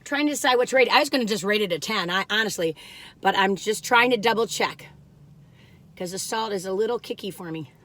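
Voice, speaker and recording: An older woman hosting a casual cookie taste-test vlog, rambling in a folksy way and breaking into excited laughs and squeals. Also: mid-range voice, fairly quick. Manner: folksy, rambling, warm-hearted chatter with "you all". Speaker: food vlogger.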